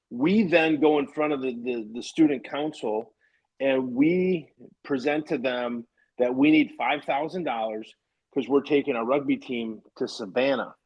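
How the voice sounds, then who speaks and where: Man spinning lively anecdotes. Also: medium pitch, lo-fi sound. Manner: lively, acts out quoted dialogue. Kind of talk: casual storytelling chat.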